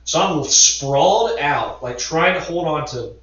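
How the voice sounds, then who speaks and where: A man in his thirties, slightly high-pitched for a man, sits back from the mic in a very echoey room. He tells a long story in a loose, rambling way, throwing in the odd curse word, and the sound is dull and lo-fi. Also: measured pace, far from the mic. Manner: animated, rambling storyteller who swears. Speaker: podcast co-host. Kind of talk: casual chat.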